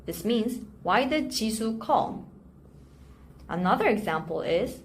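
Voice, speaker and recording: A woman teaching a language lesson, repeating example sentences slowly and carefully before translating them. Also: a little high, expressive. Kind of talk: slow, clear language lesson. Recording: faint background noise.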